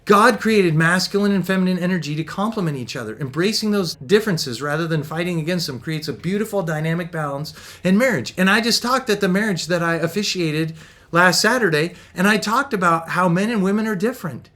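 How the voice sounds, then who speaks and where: A middle-aged man gives a motivational talk coaching couples on faith and marriage, his voice notably high for a man. He's bouncy, energetic and upbeat, laughs often, and does quick little voices for the people he quotes.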